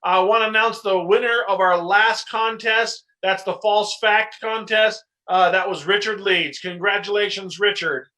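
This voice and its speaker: A man wraps up a livestream with thanks in an upbeat, casual manner. His voice is high and bright, with a forward, ringing tone. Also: fairly even intonation, moderate pace, hardly any pauses, poor audio. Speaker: host.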